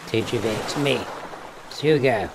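A man's voice: mid-range voice, normal speed, background noise, lightly acted. A man voicing a cantankerous, upper-class male Tyrannosaurus aristocrat in a comedy phone-call skit, with plummy, bantering speech. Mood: posh, teasing.

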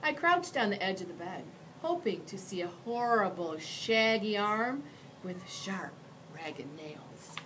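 A woman teacher reading a picture book aloud with expressive storytelling. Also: medium pitch, takes it slowly, noisy background.

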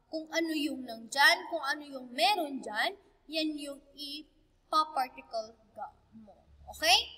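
A woman with a Filipino accent teaches an online grammar lesson. Her voice sits high and sounds bright, and it carries a long reverb. She talks patiently and checks in often with "okay?". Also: unhurried. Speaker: Japanese language teacher.

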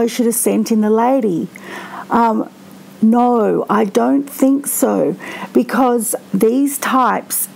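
A woman giving casual, reflective commentary on a case, talking slowly with frequent restarts. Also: fairly high pitch, gravelly, darkish tone, poor audio. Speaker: true crime commentator.

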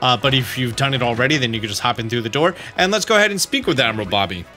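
A man casually commenting on a video game as he plays, explaining the steps in a relaxed, offhand way. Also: mid-range voice, racing. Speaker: gameplay commentator. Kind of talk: casual let's-play commentary. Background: faint game music.

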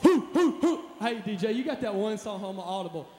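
A man as a motivational speaker on stage, hyping up a live church crowd with shouted calls and responses. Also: high-pitched, lively intonation, fairly quick. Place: large hall at a live event. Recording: echoey hall, live event.

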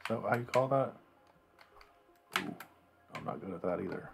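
A man's voice: on the low side, animated, moderate pace, vocal fry, over music. A man casually commenting on the game he is playing, mumbling and thinking aloud to himself. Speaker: gamer playing a game on video.

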